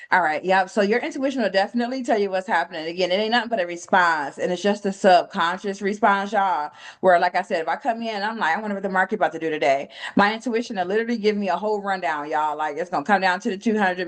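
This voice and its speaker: A young adult woman running a casual trading lesson, loose and slangy, swearing freely and rising sharply when she retells a story. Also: lowish voice. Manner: animated when retelling stories, voice jumps up. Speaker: trading mentor. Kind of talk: casual teaching session on a call.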